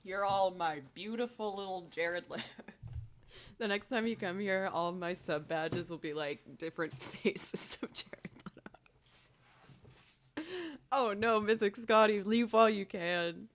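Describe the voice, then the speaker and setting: A woman's voice: medium pitch, a little slow, slight background noise. A woman musician livestreaming, chatting in a giggly, hyper, self-conscious way between loops.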